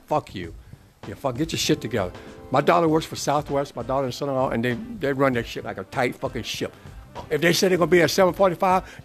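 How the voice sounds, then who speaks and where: Profane ranting middle-aged man. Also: medium pitch. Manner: swears constantly, ranting and animated. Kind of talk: casual profane rant.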